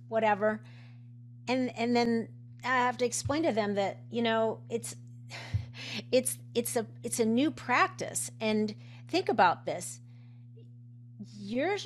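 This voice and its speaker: Chatty woman coach with many restarts. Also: a little high. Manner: chatty, many restarts and fillers, laughs often. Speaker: coach and nutritionist, host. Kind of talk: casual conversation.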